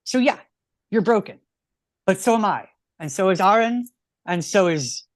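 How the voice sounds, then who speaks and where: A rabbi in his thirties explains his points earnestly in relaxed conversation, often restarting his sentences. His voice is recorded dry and close, with no room echo. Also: sits high, moderate pace. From United States. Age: 30s. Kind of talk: teaching in a casual chat.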